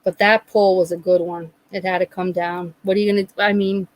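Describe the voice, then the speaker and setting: A woman's voice: fairly low pitch, a little fast, no echo, poor audio. A middle-aged woman hosting a live chat, telling a story casually and animatedly. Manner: animated, acts out quoted voices.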